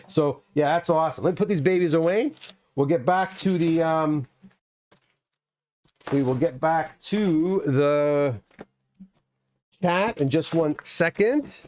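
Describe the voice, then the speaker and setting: A man's voice: on the high side, expressive, moderate pace, a little mellow. A middle-aged man from Canada hosting a casual live stream, chatting in a rambling way and reading comments aloud. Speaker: livestream host unboxing graded comics.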